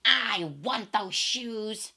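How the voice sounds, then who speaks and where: A woman's voice: fairly high pitch, drawn-out words, pushed and bright, husky, full character voice. A woman playing a cackling wicked witch. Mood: gloating.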